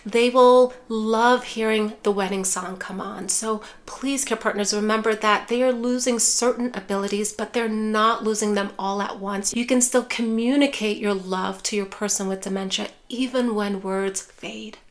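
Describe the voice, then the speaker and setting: A woman's voice: medium pitch, fairly even intonation, normal speed, few pauses. A woman teaching caregivers how to talk with loved ones who have dementia, speaking in a reassuring way and often calling her viewers care partners. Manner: acts out caregiver phrases softly. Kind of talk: direct-to-camera teaching.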